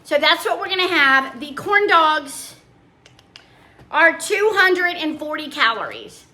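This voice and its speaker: Chatty older woman with a bright high voice. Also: big pitch swings, takes it slowly. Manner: chatty and homey, trailing off into asides. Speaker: vlogger. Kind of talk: casual chat.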